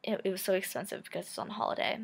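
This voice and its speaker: Twenty-something woman vlogging her story, rambly, lots of likes and ums, swears freely, a bit of fry in her voice. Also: medium pitch, steady tone, rapid-fire. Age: 20s. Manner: chatty, heavy use of "like" and "um", frank swearing. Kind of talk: casual storytelling to camera.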